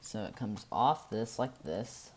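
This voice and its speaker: A man's voice: lowish voice, lively intonation, slow, slight background noise. A man narrating a casual game-building tutorial, thinking aloud as he goes and often stopping to correct himself.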